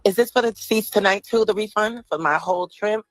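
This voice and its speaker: A woman filming herself on her phone at an airport, upset and firing off sharp questions. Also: mid-range voice, fairly quick, dry recording, low-quality recording. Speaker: vlogger. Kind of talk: filming herself in a casual rant.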